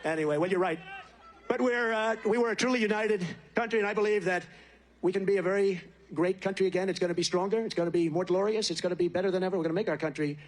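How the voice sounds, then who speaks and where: Fast-talking, high-voiced man rallying a crowd. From United States. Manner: rambling, boastful, repetitive. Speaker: political candidate. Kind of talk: campaign rally speech.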